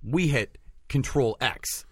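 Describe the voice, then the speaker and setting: A man's voice: medium pitch, animated, takes it slowly, husky, dry recording, studio quality. A man co-hosting a podcast in casual comedy chat, rambling and trailing off mid-thought, laughing often. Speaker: podcast co-host.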